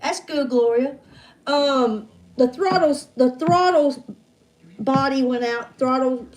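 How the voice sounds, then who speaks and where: High-voiced chatty woman in her fifties. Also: slow. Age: 50s. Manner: chatty, folksy, calls viewers hon and honey. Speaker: livestream trivia host. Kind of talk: casual livestream chat greeting viewers.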